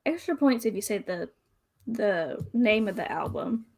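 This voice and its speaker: A woman's voice: mid-range voice, animated, unhurried, vocal fry. A woman co-hosting a casual live stream, playful and self-mocking, who sometimes stumbles over her words. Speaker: co-host.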